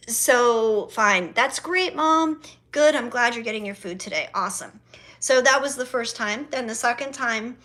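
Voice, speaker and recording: Bright, chatty woman vlogger. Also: on the high side. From South Florida. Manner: chatty, swearing, acts out dialogue with her mother. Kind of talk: casual storytelling to camera.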